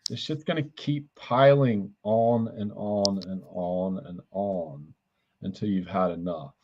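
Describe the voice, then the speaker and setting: A man's voice: fairly low pitch, slow pace, slight background noise. A man giving a blunt psychic reading on a livestream, relaying what he says spirits tell him. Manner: blunt, channels messages he says come from spirits; calls in angels and counts quietly under his breath. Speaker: psychic reader and healer. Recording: dull lo-fi stream audio.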